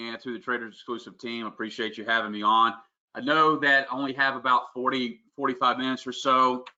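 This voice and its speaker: A man presents to a webinar audience over a video call. His voice is very bright and forceful, and his delivery is upbeat and salesy. The sound is muffled, like lo-fi call audio. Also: medium pitch. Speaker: guest presenter.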